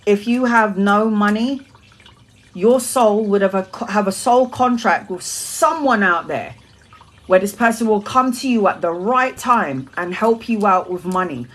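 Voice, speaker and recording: Chatty woman tarot reader, frequent laughs. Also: medium pitch. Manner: chatty, laughs often, swears casually. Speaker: tarot reader on a live stream. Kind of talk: casual chat to live viewers.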